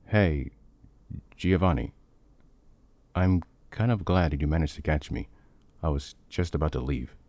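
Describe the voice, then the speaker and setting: A man voicing a quiet, serious young man who can summon a monster, soft-spoken and understated, for a fan-made audio story. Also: extremely low pitch, a little slow, pauses often, no echo.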